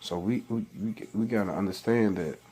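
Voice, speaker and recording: A man's low, mellow, slightly rough voice moves at normal speed as he reads scripture aloud and preaches about it. He's a religious vlogger giving an informal talk in loose speech, marked by frequent restarts and exasperated questions.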